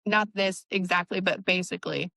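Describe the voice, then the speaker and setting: A woman's voice: fairly low pitch, fairly even intonation, moderate pace, vocal fry, pushed and bright, dry recording, low-quality recording. A woman co-hosting a casual book-club podcast, rambling with lots of fillers and blunt jokes. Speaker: podcast co-host.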